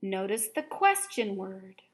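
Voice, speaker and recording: A woman teacher giving a recorded grammar lesson for children, explaining patiently, clearly and step by step. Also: mid-range voice, sing-song, slow.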